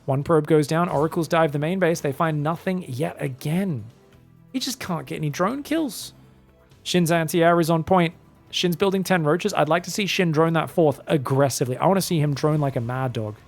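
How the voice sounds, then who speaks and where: A man's voice: fairly high pitch, moderate pace, creaky, soft background music. A man casting a live esports match with chatty, joking play-by-play. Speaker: esports caster. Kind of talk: live game commentary.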